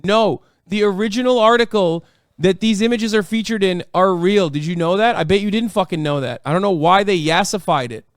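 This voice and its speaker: A man's voice: high voice, a little fast, smooth, no echo, studio quality. A man hosting a livestream, reacting in casual, profane and incredulous commentary. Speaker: livestream host.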